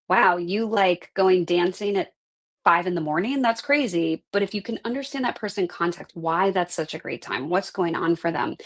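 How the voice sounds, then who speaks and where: Woman, middle-aged, life coach, lowish voice, earnest conversational teaching. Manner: earnest, conversational, frequent "right?" tags. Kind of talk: live online class talk.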